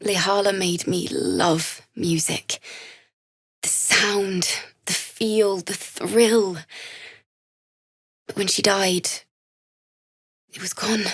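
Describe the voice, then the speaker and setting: A woman's voice: mid-range voice, fairly even intonation, drawn-out words, long pauses, a bit bright, slightly rough, no room sound, studio quality, heavily acted. A woman voicing a young bard in a video game, earnest and grieving, who swings from shy apologies to sudden anger. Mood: wistful. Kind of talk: video game character dialogue.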